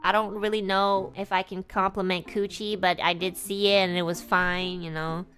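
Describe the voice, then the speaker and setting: A young woman streamer telling a rambling, flustered story in casual chat, breaking into high laughter. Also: little pitch movement, normal speed, fairly bright tone, soft background music. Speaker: VTuber streamer.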